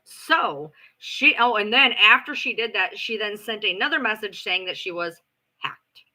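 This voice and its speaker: A woman hosts a livestream and tells her story bluntly, with sarcasm and plenty of swearing. Her pitch rises and falls a lot, and her voice is very bright and sharp. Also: lively intonation, unhurried, low-quality recording. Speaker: livestream host. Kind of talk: ranting livestream chat.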